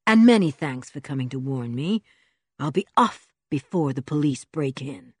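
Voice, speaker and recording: Casting: woman reading as a cruel mad bearded villain, snarling and bossy, low husky voice, storybook. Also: expressive, moderate pace, no room sound, clean studio sound. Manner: snarling, commanding.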